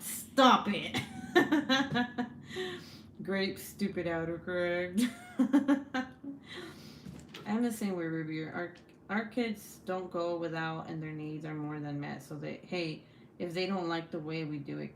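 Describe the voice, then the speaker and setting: In an echoey room with a little hiss or hum, a young female crafting streamer chats at home in a lowish voice. She's blunt and foul-mouthed, laughing often as she crafts.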